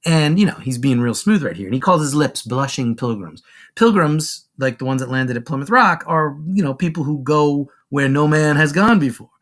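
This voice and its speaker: A man retells a classic play for a class in loose, slangy everyday speech. His pitch swings widely as he jumps in and out of the characters' voices, full of energy. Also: normal speed. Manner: animated and slangy, acts out lines. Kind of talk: casual explanatory retelling of a play.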